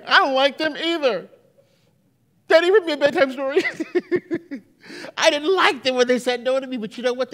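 Man, pastor, sermon, lively swinging pitch, storytelling. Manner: animated storytelling with acted-out quotes. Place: church.

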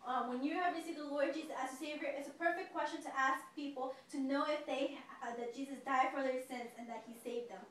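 Woman song leader for kids, high bright voice, very echoey and distant. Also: fairly even intonation, fairly quick, few pauses. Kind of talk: teaching a song. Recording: very echoey room from far off, faint noise.

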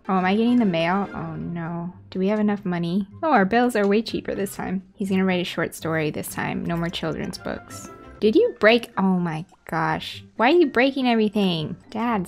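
A woman hosting a gaming video, chatting casually and reacting aloud as she plays. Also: mid-range voice. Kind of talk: casual gameplay commentary.

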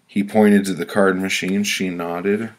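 A man's voice: low voice, level tone, a little slow, slight background noise. A man reading his own first-person prose aloud, blunt and profane in his telling.

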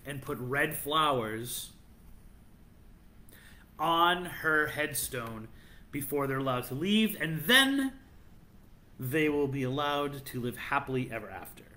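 Bright, animated male podcast host. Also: on the high side. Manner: animated storyteller, playful and teasing. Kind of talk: casual chat, telling legends.

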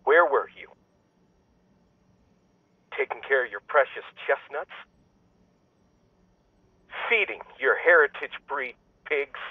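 An actor playing a resentful adult son who speaks in clipped, accusing lines over the phone. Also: male voice, medium pitch, lively intonation, slow, long pauses, breathy edge, dry recording. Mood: bitter. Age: adult son with kids. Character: bitter grown son, cold and accusing. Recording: dry tinny phone line.

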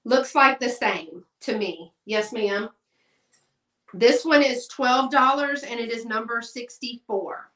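A woman's voice: on the high side, takes it slowly, fairly bright tone, far from the mic. A middle-aged woman, hosting a live sale in a chatty style and addressing viewers by name. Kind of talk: live-stream sales chat. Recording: echoey room, voice off-mic.

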